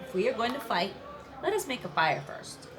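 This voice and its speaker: A woman's voice: a little high, normal speed, music in the background. Bold little kenki dumpling, female, unafraid; woman reader plays her. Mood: defiant. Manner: calm and defiant. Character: brave bold female half ball of kenki.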